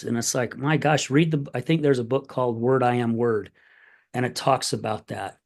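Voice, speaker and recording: A man's voice: mid-range voice, normal speed, creaky. Storytelling middle-aged male podcast host. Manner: storytelling, animated retelling of conversations; candid, plain-spoken. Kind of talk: casual conversation.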